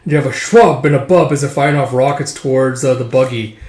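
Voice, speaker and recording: A man casually reading through a manga aloud, excitable and animated, acting out the lines. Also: medium pitch, fairly quick, reverberant. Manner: excitable, laughs often, acts out lines. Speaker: comic reader and commentator.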